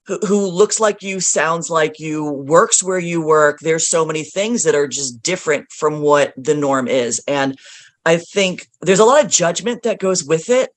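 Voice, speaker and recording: A woman's voice: sits low, measured pace, dry recording. A woman hosting a podcast interview, friendly and a bit teasing. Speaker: podcast host. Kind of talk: interview chat.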